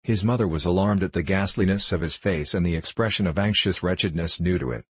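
A man narrates a classic novel in a low, husky voice. His delivery is even and unhurried, with only light shading for the characters. The recording is dry and close, with no room sound. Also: no echo. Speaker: audiobook reader. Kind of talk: scripted narration.

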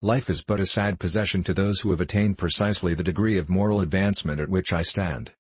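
A man voicing a calm, firm, devoted young wife, speaking slowly and steadily in an audiobook reading. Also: sits low, slightly rough, dry recording. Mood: resolute.

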